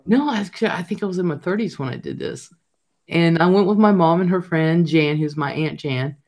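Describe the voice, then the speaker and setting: A woman hosting a casual live chat, telling brash, loud stories with lots of laughing. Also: on the low side, moderate pace. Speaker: livestream host.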